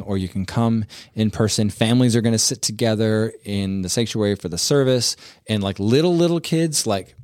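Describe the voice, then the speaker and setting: A man's voice: lowish voice, a little mellow, no echo, clean studio sound. A middle-aged man hosting a church podcast, chatting casually with children in an easygoing way, chuckling often, with many fillers and restarts. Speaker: pastor and podcast host.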